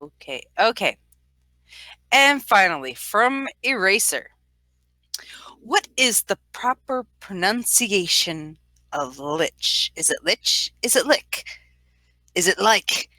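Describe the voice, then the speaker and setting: A woman's voice: mid-range voice, sing-song, takes it slowly, pushed and bright, no room sound. A woman co-hosting a casual podcast, reading listener questions with wry jokes.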